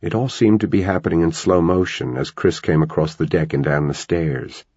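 A man reading a novel aloud as an audiobook narrator, in a measured storytelling manner. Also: deep voice, fairly even intonation, a little mellow, breathy edge, no room sound, highs cut off. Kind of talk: scripted narration.

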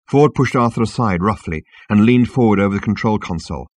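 Husky man, dry studio sound, measured audiobook narration. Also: fairly low pitch, a little mellow, dry recording.

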